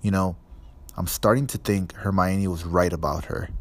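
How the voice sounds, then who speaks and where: A man's voice: deep voice, fairly even intonation, moderate pace. A man voicing an offhand, scornful teenage boy wizard in a storybook reading.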